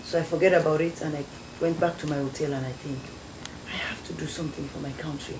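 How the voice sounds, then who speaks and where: Young Sierra Leonean woman, guest, lively storyteller; low warm voice, echoey room. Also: fast. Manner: animated storyteller acting out quoted voices. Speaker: guest, former beauty queen. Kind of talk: storytelling interview. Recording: echoey studio with faint noise.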